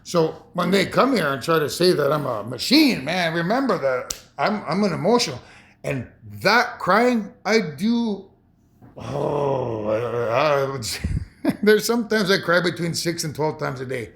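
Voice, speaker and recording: A man in his fifties talking in a rambling, emotional personal monologue, halting and repeating himself. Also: a little high, very animated, vocal fry, a bit bright. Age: 50s. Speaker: vlogger.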